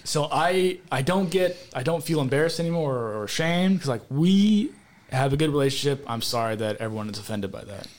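A man's voice: lively intonation, fairly quick. A man chatting casually on a podcast, telling brash stories full of swearing and jokes, mimicking other people along the way. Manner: brash storytelling, swears freely, mimics people in higher voices. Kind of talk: casual chat.

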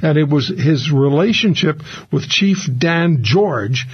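A man hosting a radio talk show, telling stories in a casual, animated way. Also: on the high side, slow. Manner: animated storyteller, gravelly. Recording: muffled radio broadcast.

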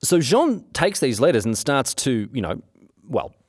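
A man tells a historical tale in a chatty, slangy way, full of asides and "uh"s. His pitch rises and falls with lively movement. The sound is dry and close, with no room echo. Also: a little slow. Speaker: history storyteller. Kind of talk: casual storytelling.

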